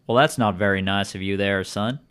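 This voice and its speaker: A man's voice: lowish voice, brisk, a bit bright, clear, resonant tone, natural voice. A man voicing a kindly, fatherly male stranger who talks in a folksy, long-winded way.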